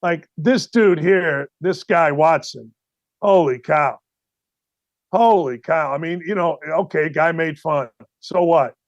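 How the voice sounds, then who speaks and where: A middle-aged man hosting a sports talk show, ranting in a blunt, exasperated way. His voice sits high for a man and cuts through sharply. The studio sound is close and dry, with no room echo. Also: a little slow, few pauses, dull audio. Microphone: studio mic facing camera.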